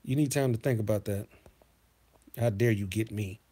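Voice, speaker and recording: A man hosting a casual livestream, reading chat messages and telling profane, animated stories from his childhood. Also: lowish voice, moderate pace, breathy edge. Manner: profane, animated, swings into loud outbursts. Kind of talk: casual storytelling to a live chat.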